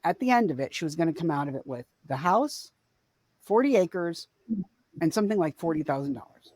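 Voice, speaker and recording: A woman's voice: deep voice, very animated, a little fast, a little mellow, no room sound. A woman in her forties co-hosting a podcast, telling a family story in a rambling, self-correcting way. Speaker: podcast co-host. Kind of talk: casual storytelling chat.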